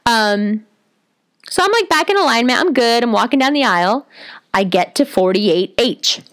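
Profane, animated woman storyteller. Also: moderate pace, clean tone. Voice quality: deep, bassy voice. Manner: profane, animated, self-mocking. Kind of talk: comic personal storytelling.

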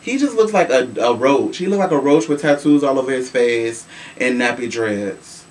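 A man from Chicago hosting a casual celebrity gossip show, sassy and animated, swearing freely. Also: medium pitch, moderate pace. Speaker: show host. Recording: voice from a distance with faint room noise.

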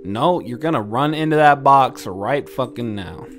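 A young man narrates his own gameplay with an animated, jumpy voice that lurches from mutters to yells, cursing and joking as he goes. He drags out his words at an unhurried pace. Faint game music plays under him. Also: medium pitch. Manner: animated, swings from mumbling to loud yelling and laughter; profane, jokey. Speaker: gaming YouTuber. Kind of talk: let's play commentary.

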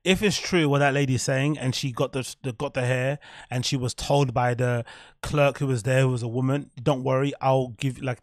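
A man's voice: mid-range voice, no room sound, clean studio sound. Blunt, profane male podcast host. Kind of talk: casual commentary on a clip.

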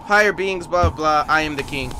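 A man streaming a video game live, chatting casually and excitably and swearing often, sounding tired. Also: on the high side, moderate pace, background noise. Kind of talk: casual live gameplay commentary.

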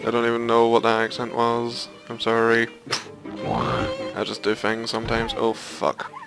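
A man's voice: medium pitch, monotone, normal speed, gravelly, low-quality recording. A man hosting a let's play, giving sweary, exasperated commentary and muttering to himself as he plays. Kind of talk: profane gaming commentary. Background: violin game music.

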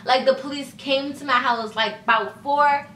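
A woman's voice: high-pitched, normal speed, fairly bright tone, recorded from a distance, a little hiss or hum. A young woman telling a casual storytime vlog, chatty and full of "like" and "you know," acting out the dialogue as she goes. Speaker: vlogger. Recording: echoey room, voice set back from mic.

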